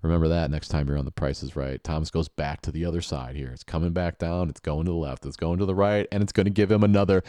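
A man's voice: very deep voice, quick pace, few pauses, mellow, dry recording, clean studio sound. A male podcast host giving joking, sarcastic play-by-play of a TV game show and chuckling often.

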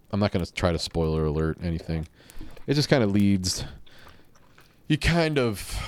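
A man's voice: fairly low pitch, a little mellow, smooth, no room sound. A man hosting a solo podcast, talking in a rambling, offhand and profane way. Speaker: podcast host. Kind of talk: casual solo podcast chat.

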